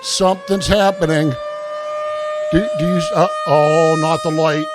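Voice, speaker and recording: A show host narrating a game in a joking, mock-panicked way, swearing often, stammering and repeating itself, later sliding into a gruff, bossy police-officer act. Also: medium pitch, fairly even intonation, unhurried, very noisy. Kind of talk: profane, joking gameplay commentary.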